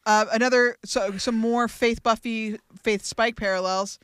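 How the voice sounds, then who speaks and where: Bright, crisp-voiced podcast co-host. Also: medium pitch, steady tone, measured pace, no echo. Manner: chatty, laughs often. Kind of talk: casual chat.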